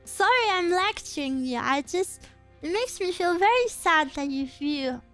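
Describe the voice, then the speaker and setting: A woman streamer in a casual live chat earnestly encourages her viewers and gets a little choked up with emotion. Her very high voice is animated yet unhurried and a bit bright, with faint music in the background.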